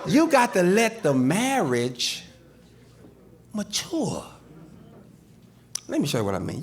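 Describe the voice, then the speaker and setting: A man's voice: high voice, slow pace, pauses often. A middle-aged man doing a stand-up comedy routine on stage, animatedly telling stories and acting out the people in them. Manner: animated storytelling, acts out quoted people. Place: comedy stage before a live audience.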